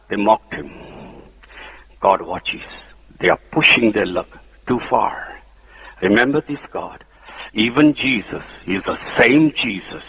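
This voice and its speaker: A middle-aged man with a Punjabi accent, preaching an impassioned sermon that rises to loud, high exclamations. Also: breathy edge, low-quality recording.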